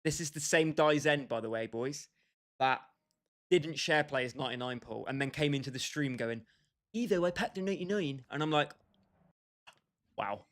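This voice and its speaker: Streaming a football game, a young man with a medium-pitched, slightly bright voice talks at normal speed. This gaming livestreamer is jokey and bantering, calling his chat viewers by name.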